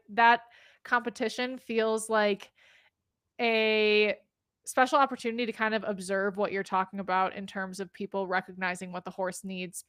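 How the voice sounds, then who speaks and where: Woman host of an interview, thoughtful and halting, dry close sound. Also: mid-range voice, a bit bright, smooth, dry recording. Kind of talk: interview chat.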